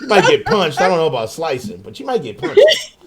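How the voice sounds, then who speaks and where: Male podcast host, casual profane chat, frequent laughter, lively pitch, slightly high, loud crowd behind. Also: a little fast. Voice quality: laughs often, swears freely.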